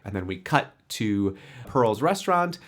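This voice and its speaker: A man's voice: lowish voice, very animated, measured pace, fairly bright tone. A young adult man co-hosting a podcast, animatedly retelling a TV episode and acting out the characters' lines. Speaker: podcast co-host. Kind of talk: casual chat recapping a TV episode.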